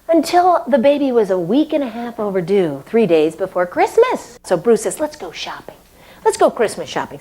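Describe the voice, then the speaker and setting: A woman's voice: on the high side, a little hiss or hum, poor audio. A woman comedian from New Hampshire telling a long personal story on stage, acting out voices and sound effects and laughing as she goes. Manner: animated, acts out voices and sound effects, laughs between lines. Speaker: stand-up comedian.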